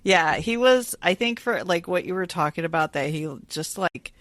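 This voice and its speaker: A woman's voice: lowish voice, lively intonation, normal speed, a bit bright, dry recording. A woman co-hosting a podcast in casual chat, gushing and laughing as she talks. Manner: gushing, chatty, laughs while talking. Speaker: podcast co-host.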